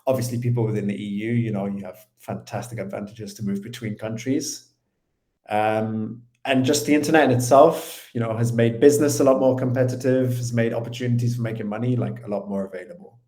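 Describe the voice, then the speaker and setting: A man's voice: mid-range voice, fairly even intonation, brisk, warm tone. A British man in his thirties, an interview guest talking in an easygoing way with many fillers. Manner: easygoing, filler-heavy, hedging. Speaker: interview guest, finance channel creator. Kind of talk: casual interview. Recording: echoey room.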